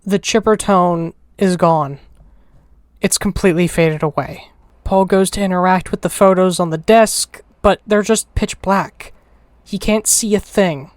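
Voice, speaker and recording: A woman's voice: fairly low pitch, a little slow, dry recording. A woman narrating a game commentary, thinking aloud, emotional and swearing freely. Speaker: video essayist. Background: faint music.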